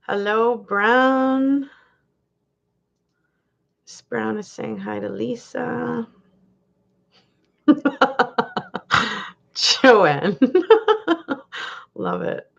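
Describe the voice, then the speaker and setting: Female livestream host, casual chat with viewers, animated delivery, muffled stream audio. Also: on the high side, extremely slow, gravelly, pauses often. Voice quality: laughs often, chatty and animated. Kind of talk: casual live chat reading comments.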